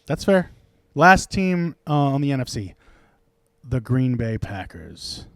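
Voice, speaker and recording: A man's voice: mid-range voice, sing-song, slow pace, fairly bright tone, dry recording, studio quality. A man co-hosting a podcast, arguing sports points in an emphatic, casual way. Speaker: podcast co-host.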